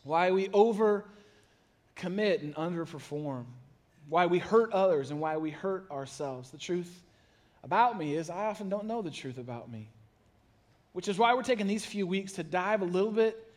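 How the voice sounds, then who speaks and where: A man, a pastor, giving a sermon in a casual, conversational way, with animated storytelling and self-deprecating asides. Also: high voice, moderate pace. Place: church sanctuary.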